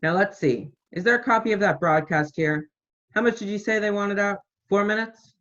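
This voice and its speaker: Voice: medium pitch, normal speed, fairly bright tone, natural voice. A student actor playing an irritable, bossy invalid host in a school play over a video call, imperious and snappish. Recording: dull lo-fi video call audio.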